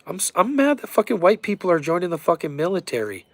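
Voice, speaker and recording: Gravelly, profane man rambling to camera. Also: sits high, fast talker, no room sound. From Colorado, USA. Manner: profane, excitable, conspiratorial rambling. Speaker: vlogger. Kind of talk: rambling casual monologue.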